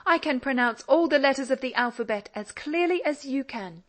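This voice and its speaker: Woman voicing a lively young daughter. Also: high voice, a little fast, pitched above the performer's own voice. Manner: lively, pleading and mock-indignant. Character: earnest, teasing young woman, a doting father's daughter. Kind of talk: audiobook character reading.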